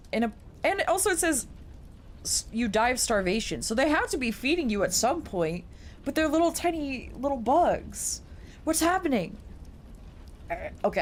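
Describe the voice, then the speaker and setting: A woman streamer reading aloud and chatting on a live stream, excitable and incredulous, with casual swearing. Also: on the high side, normal speed, slight background noise.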